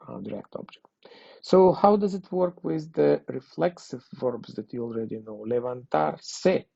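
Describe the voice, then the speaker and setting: A man's voice: medium pitch, gravelly, mellow, no room sound. A man teaching a language lesson, explaining grammar patiently and checking understanding with frequent questions. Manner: patient, repeats and checks with "okay?". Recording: dull lo-fi dry recording.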